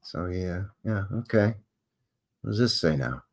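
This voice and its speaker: A man's voice: low-pitched, lively intonation, measured pace. A Canadian man hosting a live show, casually reading historical notes aloud and breaking off for wry, offhand asides. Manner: wry offhand asides between read-out facts.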